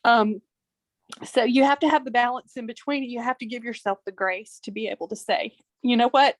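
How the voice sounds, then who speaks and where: A woman's voice: on the high side, brisk, dry recording. A woman, a pharmacist, sharing personal reflections on a group video call in an earnest, heartfelt way. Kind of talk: personal sharing in casual talk.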